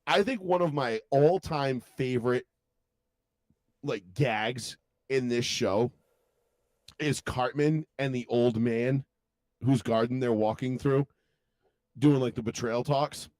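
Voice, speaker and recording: A man's voice: mid-range voice, slow, long pauses, dry recording. A man co-hosting a podcast, chatting casually with lots of fillers and swearing. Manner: animated, swears a lot, many fillers. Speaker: podcast co-host. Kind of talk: casual banter.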